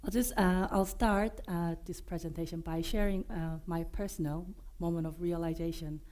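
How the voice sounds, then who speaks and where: Hoarse woman w/ korean accent giving a dev conference talk, lots of ums and uhs, kinda low. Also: fairly even intonation, normal speed, darkish tone. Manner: friendly, joking, many fillers and restarts. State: hoarse, unwell voice. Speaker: conference presenter. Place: conference room.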